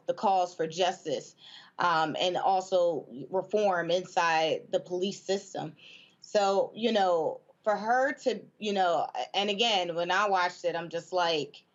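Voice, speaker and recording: A woman guest on a news talk panel who speaks haltingly with many fillers and restarts, with feeling. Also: fairly low pitch, muffled recording. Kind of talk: news talk show discussion.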